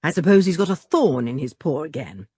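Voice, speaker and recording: A woman voicing a gruff, hot-tempered middle-aged father in a storybook, speaking irritably and impatiently. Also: sits low, big pitch swings, a little fast, dark tone, dry recording, clean studio sound, exaggerated voice. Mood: irritated.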